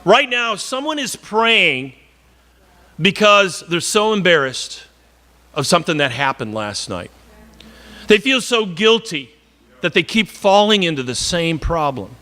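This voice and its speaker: High, bright-voiced male preacher. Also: sing-song, a little slow. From northern Wisconsin. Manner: conversational, earnest, with repeated words and joking asides. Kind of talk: sermon.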